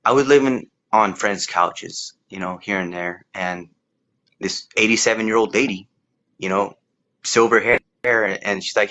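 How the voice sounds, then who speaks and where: A man's voice: fairly low pitch, a bit bright, muffled recording. A man telling his life story in a casual, rambling way, with frequent restarts and fillers. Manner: rambling, halting with repeated words and fillers. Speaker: interview guest. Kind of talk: casual testimony.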